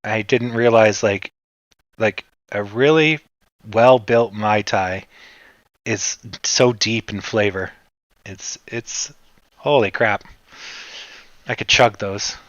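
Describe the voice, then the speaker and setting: A man from Canada chats slowly and loosely on a livestream, his voice sitting a little low. The sound is dull and lo-fi, close and dry with no room around it. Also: no echo. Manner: relaxed rambling, reacts to chat. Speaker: livestream host. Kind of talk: casual livestream chat.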